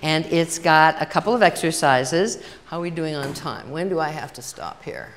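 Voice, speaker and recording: At a moderate pace and with an animated, low voice, an older woman gives a workshop talk to an audience in a large hall. She tells chatty stories and plays both roles in the conversations, her words echoing with the hall's long reverb.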